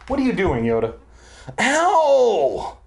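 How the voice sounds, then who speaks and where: A man's voice: medium pitch, expressive, fairly quick, a little mellow. A man reading a children's book aloud and breaking off into profane, self-mocking, rambling asides. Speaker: reader and commentator. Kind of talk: casual read-aloud with rambling commentary.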